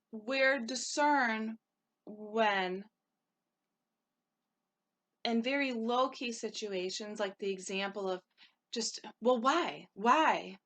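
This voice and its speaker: Animated woman giving life coaching advice. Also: mid-range voice. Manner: animated, acts out short quoted exchanges. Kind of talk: spoken advice talk.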